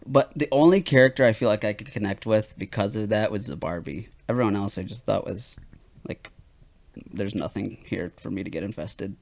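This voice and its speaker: A man's voice: fairly low pitch, brisk, creaky, darkish tone. A young man co-hosting a podcast in casual chat, joking and laughing often, playfully provocative. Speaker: podcast co-host.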